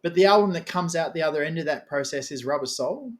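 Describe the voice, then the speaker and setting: A man with a voice a little higher than most, chatting easily as an interviewer. He talks in loose, rambling runs and slips in jokes. The tone stays relaxed and conversational. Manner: chatty, animated, quick to joke. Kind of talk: casual conversation.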